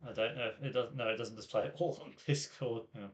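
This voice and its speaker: A man's voice: mid-range voice, fairly even intonation, quick pace. A man with a nasal voice co-hosting a casual live stream from a small home office, giving dry, laughing retorts. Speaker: co-host. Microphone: replacement microphone. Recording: dull lo-fi microphone audio.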